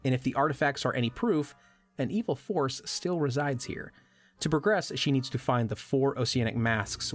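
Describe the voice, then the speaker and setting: Man narrating a wry game recap. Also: medium pitch. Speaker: podcast co-host, narrator.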